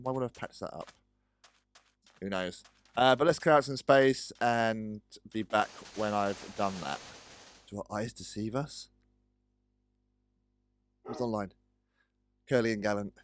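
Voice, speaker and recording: A man casually commenting on a building game, chatty and hesitant, often talking to his in-game pets. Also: fairly low pitch. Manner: chatty, talks to pets, hesitant with many ums. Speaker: gaming video host.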